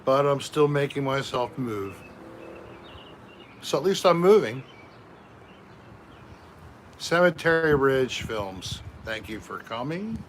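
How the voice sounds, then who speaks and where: A man's voice: mid-range voice, lively intonation, slow pace, pauses often, a little hiss or hum. A man hosting a casual live stream from home, chatting with viewers and reading out their names one by one. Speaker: livestream host.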